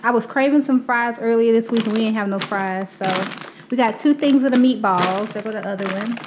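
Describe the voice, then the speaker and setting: A young woman with a higher voice talks a little fast over a noisy background, walking viewers through her grocery haul indoors at home. She's a chatty vlogger who calls her audience y'all and sounds slightly out of breath.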